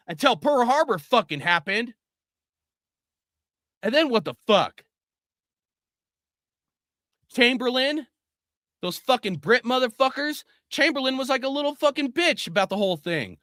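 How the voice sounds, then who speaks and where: This is a middle-aged man giving an angry opinion rant, swearing in nearly every line. His voice sits high and leaps around in pitch. It has a bright, tense edge and is recorded dry and close. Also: expressive, measured pace, pauses often, dry recording. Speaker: video host.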